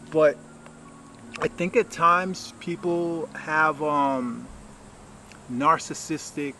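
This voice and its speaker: Rambling, reflective man, slightly high voice. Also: a bit bright, rough recording. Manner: rambling and reflective, with lots of fillers. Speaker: father giving life advice. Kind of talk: casual monologue vlog.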